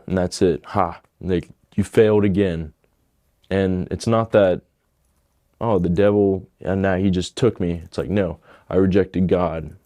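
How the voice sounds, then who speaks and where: A man's voice: deep voice, dark tone, dry recording, clean studio sound. A young man giving a casual personal testimony, full of "like" and "dude". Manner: casual, heavy use of "like" and "dude".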